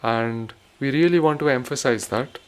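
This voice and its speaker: A man's voice: mid-range voice, moderate pace, smooth. A man giving a spoken music lesson, patiently explaining rhythm cycles and chanting rhythm syllables aloud. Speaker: rhythm teacher.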